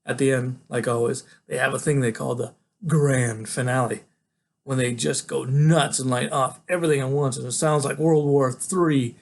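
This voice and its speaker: A man, a teacher, reading a novel aloud in a relaxed, conversational storytelling way. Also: mid-range voice, moderate pace, vocal fry.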